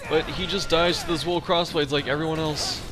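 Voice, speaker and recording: A man's voice: fairly high pitch, fairly even intonation, brisk. Chatty, swearing man over game music. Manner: chatty and profane, hums along while fighting. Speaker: let's play host. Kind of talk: casual gameplay commentary.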